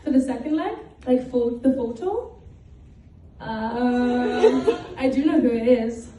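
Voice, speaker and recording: Giggly high-voiced teenage girl, echoey hall. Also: expressive, takes it slowly, music in the background. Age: teens. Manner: giggly, gushing, talks with many fillers. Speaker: singer at a fan meet and greet. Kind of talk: casual chat. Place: large indoor venue with a crowd. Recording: echoey hall, from far off, noisy crowd.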